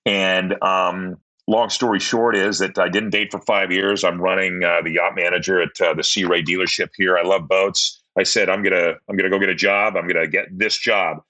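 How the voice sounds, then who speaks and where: Podcast guest, male, 50s, lowish bright voice, rambling candid storyteller who repeats himself. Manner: rambling, repeats words, animated when retelling dialogue.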